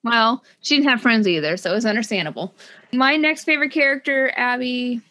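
A young adult woman with a slightly high voice co-hosts a casual book podcast. She talks in an animated, gushing way, full of quick asides. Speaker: podcast co-host.

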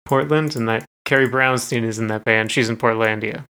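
A man's voice: medium pitch, steady tone, a little fast, pushed and bright, clear, resonant tone. A man co-hosting a casual music podcast, talking in an easygoing, hesitant way. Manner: easygoing, hesitant, with frequent ums and laughs. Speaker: podcast co-host.

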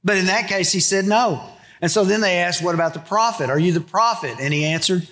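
High-voiced preacher. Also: male voice, brisk, fairly bright tone. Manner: conversational preaching, acts out quotes. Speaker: pastor. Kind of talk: sermon.

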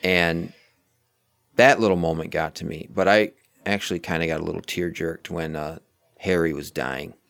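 A man's voice: sits low, steady tone, normal speed, gravelly, fairly bright tone, no room sound. A man talking casually about a movie, rambling and correcting himself as he picks apart its plot. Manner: rambling, self-correcting, analytical. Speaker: film review co-host. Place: outdoors near a street.

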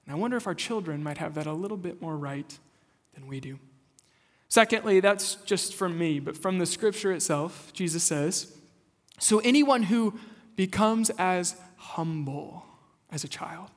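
A man's voice: sits high, a little slow. A young adult man preaching a sermon in a church, moving from conversational storytelling to earnest exhortation. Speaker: pastor. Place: church sanctuary. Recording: long hall reverb.

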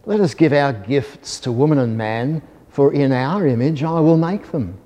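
A man voicing a calm, kindly God. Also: mid-range voice, normal speed, lightly acted. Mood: solemn. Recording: long hall reverb.

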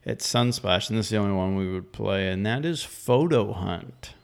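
Brief: low-pitched male co-host, gravelly, quick interjections. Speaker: podcast co-host. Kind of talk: casual chat.

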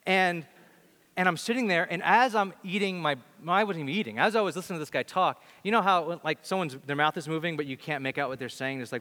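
Bright-voiced preacher in a reverberant hall. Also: male voice, on the high side, fast talker. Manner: animated, conversational, many restarts. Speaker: pastor. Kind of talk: storytelling sermon.

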